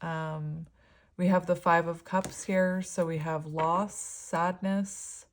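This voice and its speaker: A woman's voice: on the low side, flat delivery, slow. A woman giving a casual tarot reading, talking in a rambling, filler-heavy way and easily moved. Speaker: tarot reader.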